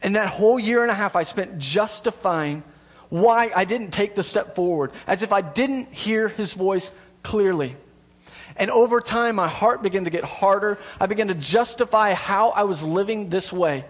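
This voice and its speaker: Male preacher, high-pitched, chatty and self-mocking, then earnest and repetitive for emphasis. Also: moderate pace. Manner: conversational with self-deprecating humor and laughter. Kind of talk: sermon.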